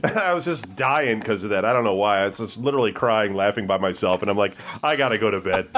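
A man's voice: on the low side, animated, quick pace, fairly bright tone, slight background noise. A man hosting a casual chat show, asking joking questions and laughing easily. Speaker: host.

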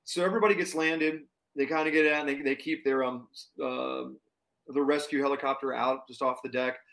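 A man telling a story in casual chat, animated and full of fillers and restarts. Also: mid-range voice, brisk. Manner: animated, lots of fillers and restarts, acts out quotes. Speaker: touring performer guest.

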